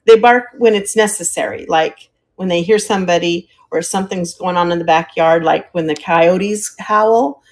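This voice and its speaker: A woman's voice: fairly low pitch, moderate pace, few pauses. An older woman, a retired teacher, chatting casually as she sells vintage items on a live stream and stops now and then to hunt for words. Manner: chatty, friendly, describes items while hunting for words. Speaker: live-stream auction seller. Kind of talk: casual live selling chat.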